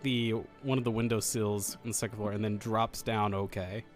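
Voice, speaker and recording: A man's voice: fairly low pitch, steady tone, moderate pace, soft background music. A man running a tabletop game as game master, joking and rambling as he narrates. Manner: joking, rambling, self-correcting.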